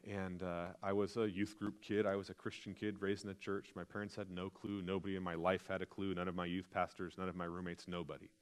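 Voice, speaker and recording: A man's voice: low-pitched, little pitch movement, fairly quick, hardly any pauses. A man, a pastor, preaching a sermon in an earnest, confessional storytelling manner.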